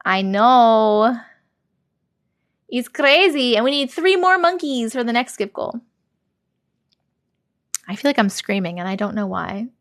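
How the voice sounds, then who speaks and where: A woman's voice sitting a little higher than most, bubbly and effusive as she hosts a casual live stream. She reads comments aloud and answers viewers directly, in a loose, chatty way. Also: big pitch swings, measured pace, pauses often.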